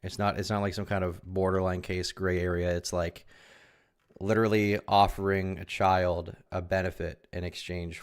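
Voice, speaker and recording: A man's voice: low voice, vocal fry. A man streaming a reaction to a video, talking casually, bluntly and with frequent swearing.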